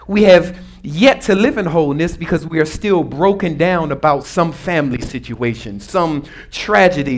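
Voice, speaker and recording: A man preaching a sermon as pastor, in a conversational and humorous way, drawing responses from the congregation. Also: high-pitched.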